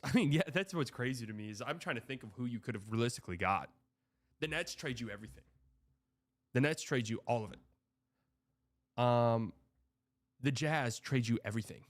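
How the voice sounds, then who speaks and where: Young man, livestream host, rambling casual chat, exasperated, profane, crisp tone, dry sound. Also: mid-range voice, no echo. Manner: exasperated, rambling, swearing, reads donor messages aloud. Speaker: livestream host reading donations.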